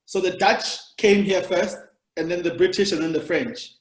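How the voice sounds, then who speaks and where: A South African man with a high-pitched voice hosts a podcast at a normal speed. He's a comedian who chats casually and rambles through long explanations of history, and the recording has a roomy echo.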